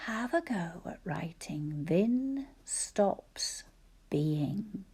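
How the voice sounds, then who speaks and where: A woman teacher dictating spelling sentences slowly and carefully, often whispering the sounds and syllables of words. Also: fairly low pitch, expressive, darkish tone, husky. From Scotland. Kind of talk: slow spelling dictation lesson.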